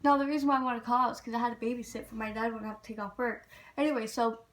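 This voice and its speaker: A woman's voice: a little high, racing. A young woman, telling a casual, frank and profane storytime vlog about getting fired. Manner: frank, profane, animated retelling.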